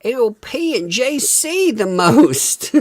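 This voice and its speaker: A woman's voice: a little high, sing-song, slow pace, a little mellow. A woman hosting a live stream, giving casual, amused and mocking gossip commentary. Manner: amused, mocking, laughing often. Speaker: livestream host.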